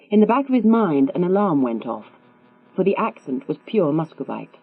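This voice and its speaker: A woman narrating a thriller audiobook in a measured, composed read. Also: fairly low pitch, very animated, slightly rough, no room sound. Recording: tinny, phone-like with mains hum.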